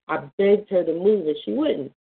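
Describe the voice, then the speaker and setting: A woman's voice: mid-range voice, lively intonation, moderate pace, gravelly, slightly rough. A woman giving an earnest, emotional personal testimony on a prayer call, often restarting her sentences. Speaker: caller sharing a testimony. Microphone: phone. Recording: tinny phone line.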